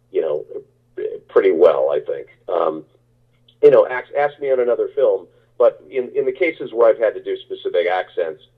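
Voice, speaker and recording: A man with a very low, husky voice answers interview questions. He rambles, circles back and restarts his sentences. The sound is narrow and tinny, like a phone line. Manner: rambling, many restarts and fillers. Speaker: actor guest.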